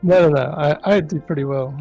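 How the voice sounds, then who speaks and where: A man being interviewed in a casual live stream, with deadpan humor and frequent laughs. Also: on the high side, brisk, highs cut off, soft background music. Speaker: interview guest, asset developer.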